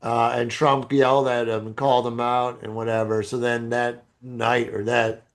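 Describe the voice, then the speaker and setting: A man's voice: mid-range voice, level tone, normal speed. A man co-hosting a podcast, telling a story in casual chat, swearing freely and acting out the people he quotes. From lives in LA. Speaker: podcast co-host.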